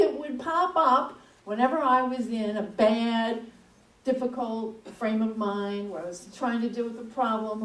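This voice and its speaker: A woman speaking from the pulpit, telling a personal story in an animated, conversational way. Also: on the high side. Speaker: speaker at a spiritual center. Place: church hall. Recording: echoey room, mic at a distance.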